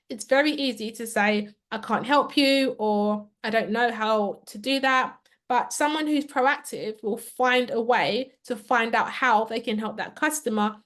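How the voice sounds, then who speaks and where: Woman, customer service trainer, slightly high voice, clear and upbeat, talking to a live online audience.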